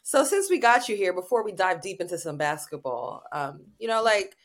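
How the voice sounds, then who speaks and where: A woman's voice: on the low side, sing-song, normal speed. A woman co-hosting a casual sports talk show, steering the conversation in an upbeat way. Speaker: co-host.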